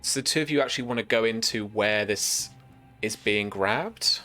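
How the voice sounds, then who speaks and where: A man's voice: on the low side, moderate pace, pushed and bright, soft background music. A British man narrating as game master, rambling with many restarts and fillers.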